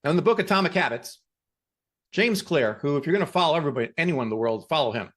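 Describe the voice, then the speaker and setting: A man hosting a podcast who gives a motivational talk and tells stories in an emphatic, animated way. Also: a little high, quick pace. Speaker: podcast host.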